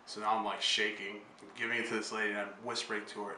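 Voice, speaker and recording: A man's voice: on the low side, flat delivery, fast, noisy background. A man telling a story in a hesitant, self-deprecating way. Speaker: interviewee. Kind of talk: casual storytelling. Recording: roomy and distant from the mic.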